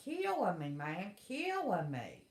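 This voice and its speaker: A middle-aged woman from West Virginia hosts a casual livestream, ranting to her chat in a blunt, folksy, exasperated manner. Her voice is lowish and slow, with wildly swooping pitch, and the room sounds echoey.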